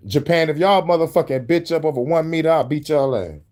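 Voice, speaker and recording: A man's voice: lively intonation, fairly quick, a little mellow. A man hosting a show, giving casual, profane commentary on clips. He rambles and laughs often. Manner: rambling, laughs often, jumps into squeaky bits. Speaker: host reacting to clips.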